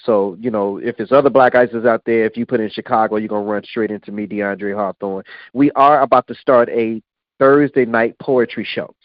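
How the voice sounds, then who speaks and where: A man's voice: fairly low pitch, steady tone, normal speed, no room sound. A man hosting a radio show, speaking in a laid-back, plain-spoken, streetwise way. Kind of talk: casual on-air announcement. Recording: dull lo-fi audio.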